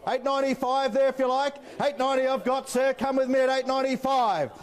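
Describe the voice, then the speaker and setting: An Australian man working as an auctioneer, calling bids in a rapid rhythmic patter with playful banter to the bidders. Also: extremely high pitch, fairly even intonation. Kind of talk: live property auction calling.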